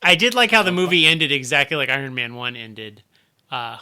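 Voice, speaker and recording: A man chatting casually on a podcast, telling stories in a relaxed, wry way. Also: mid-range voice, a little fast, a little hiss or hum. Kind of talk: casual chat.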